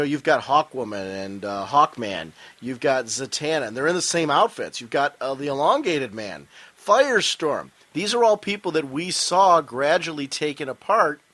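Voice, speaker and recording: A man's voice: mid-range voice, lively intonation, normal speed, bright, forceful tone, no echo. A man co-hosting a casual podcast, talking enthusiastically and often restarting his sentences. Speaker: podcast co-host.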